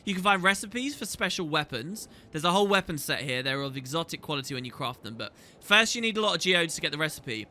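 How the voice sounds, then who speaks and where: Male gaming host, bright and fairly high voice, chatty, enthusiastic commentary, faint game music behind. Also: lively intonation, fast talker, few pauses, a little hiss or hum. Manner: chatty, enthusiastic, reads dialogue aloud. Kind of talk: casual gameplay commentary.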